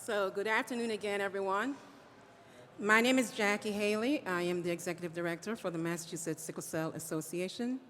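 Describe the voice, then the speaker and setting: A woman's voice: mid-range voice, a little fast, a bit bright, slight background noise. A woman, executive director of an advocacy group, giving an earnest formal welcome speech and thanking supporters. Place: large hall at a state house. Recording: echoey hall reverb.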